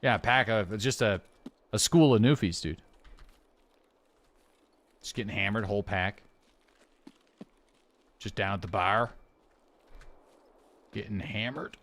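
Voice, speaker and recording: A man's voice: fairly low pitch, takes it slowly, pauses often, fairly bright tone. A man from rural Prince Edward Island with a Prince Edward Island accent, rambling and swearing casually to his chat while he plays a game. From rural Prince Edward Island, Canada. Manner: rambling, swearing, self-described yapping. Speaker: game streamer.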